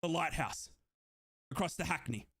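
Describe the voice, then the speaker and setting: A young man from Australia hosts a football watchalong stream, alternating between euphoric yells and rapid play-by-play. His voice sits high and bright, with a sharp edge, and he is audibly out of breath from all the shouting. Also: animated, slightly rough. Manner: euphoric fan shouting and yelling over goals, then rapid play-by-play. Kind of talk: excited live match commentary for a watchalong stream.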